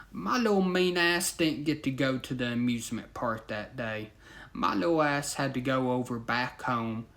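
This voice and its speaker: Slow, crude storyteller. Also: medium pitch. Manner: crude, laughing, addresses listeners directly. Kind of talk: comic storytime narration.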